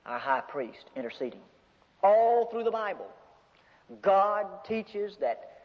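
Male preacher, high voice, lively folksy sermon delivery, dull recording with long church reverb. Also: slow. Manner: animated, folksy storytelling with humor.

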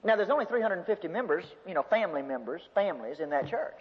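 A man preaching a sermon in an animated, folksy storytelling manner with humor. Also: sits high, fast talker. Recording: dull lo-fi recording in a reverberant hall.

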